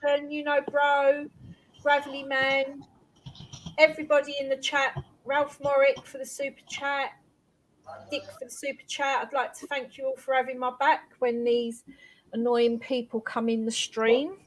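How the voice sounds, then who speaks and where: An older woman talks in a fairly high, light voice as she hosts a casual live chat. Her speech is chatty and easygoing. A faint hiss of background noise sits under it. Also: level tone, normal speed, poor audio. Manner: chatty, warm sign-off thanks. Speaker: live stream host.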